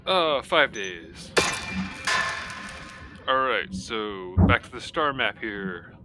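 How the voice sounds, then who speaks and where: Excitable man doing gameplay commentary. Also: lowish voice, drawn-out words, heavy background noise. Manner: casual and excitable, with many fillers. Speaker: gameplay video creator. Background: loud game music.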